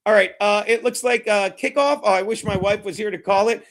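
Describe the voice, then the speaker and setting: A man's voice: high-pitched, steady tone, fairly quick, hardly any pauses, a bit bright. A man hosting a live football watchalong stream, reading chat and calling plays in a brash, mocking, rambling way with heavy swearing. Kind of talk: profane live sports watchalong commentary.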